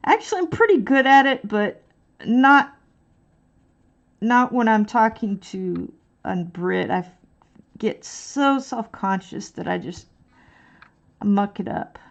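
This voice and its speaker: Slow, gravelly-voiced woman streamer. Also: on the high side, expressive, dull audio. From Texas. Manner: rambling, laughing, self-deprecating. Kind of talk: casual chat while coloring on stream.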